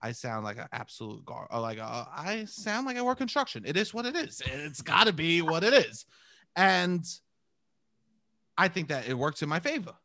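A man's voice: fairly high pitch, big pitch swings, moderate pace, creaky, sharp tone. A man with a thick New York accent, hosting a playful, self-mocking casual chat. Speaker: host.

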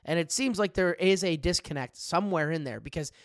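Young guy on a sports pod, kinda high voice, dry close mic, laughs a lot, swears. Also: brisk, no room sound. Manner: loose, laughing, swears freely. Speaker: podcast co-host. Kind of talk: casual sports chat.

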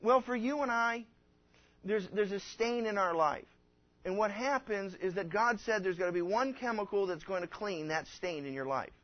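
A man's voice: high-pitched, moderate pace. A man preaching a conversational sermon as a pastor, folksy and rambling, acting out the people he quotes. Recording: dull lo-fi recording.

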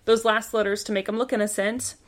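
A woman's voice: mid-range voice, level tone, fairly quick. A woman hosting a podcast, casually telling a true crime story from her notes and laughing easily.

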